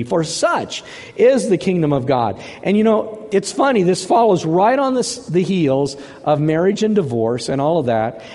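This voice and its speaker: Male pastor, fairly high voice, emphatic sermon delivery, hall reverb. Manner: emphatic, swings from hushed to forceful.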